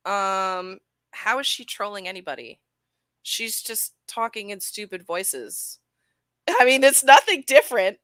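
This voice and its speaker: A woman's voice: mid-range voice, expressive, measured pace, a bit bright, no room sound. A woman talking casually on a live stream, chatty and giggly, rambling with lots of fillers. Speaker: streamer reviewing videos.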